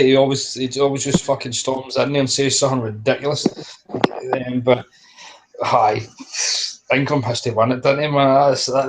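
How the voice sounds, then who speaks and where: A man chatting on a boxing podcast, animated and sweary, firing off rhetorical questions. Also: mid-range voice, rough recording. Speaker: podcast panelist. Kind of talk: casual podcast chat.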